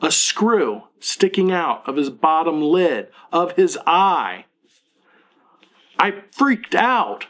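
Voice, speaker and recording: A man's voice: fairly high pitch, big pitch swings, slow, fairly bright tone. A man in his thirties, a parenting blogger, talking earnestly and self-critically to camera in a confessional vlog.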